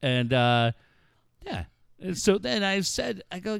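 A middle-aged man riffs through a story on a radio show, swearing freely and laughing between lines. His voice sits on the high side and swings up and down with plenty of animation, close and dry on the mic. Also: expressive, unhurried, creaky, smooth, no room sound. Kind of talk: casual, profane radio banter.

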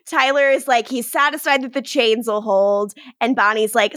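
A woman's voice: sits high, moderate pace, a bit bright, no room sound, studio quality. A woman co-hosting a podcast, chatting casually and laughing as she recaps episode scenes and acts out the characters' lines.

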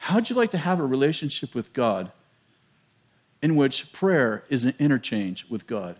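A middle-aged man preaching a sermon, telling a story in an animated, self-mocking way and laughing often. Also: mid-range voice, moderate pace.

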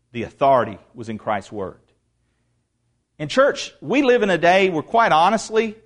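A male pastor preaching a sermon in an emphatic way, repeating words for stress. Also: on the high side.

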